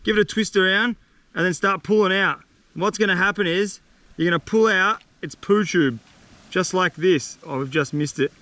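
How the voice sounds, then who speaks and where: An Australian man vlogging outdoors on a windy coast, talking in an energetic, slangy, enthusiastic way. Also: high-pitched, moderate pace. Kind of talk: casual vlog narration.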